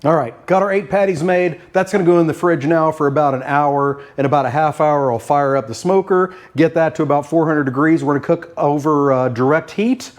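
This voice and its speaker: A man's voice: on the high side, a little fast, hardly any pauses. Folksy grandfatherly cooking host. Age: older. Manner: folksy and jokey, with frequent "uh" fillers. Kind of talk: casual cooking narration.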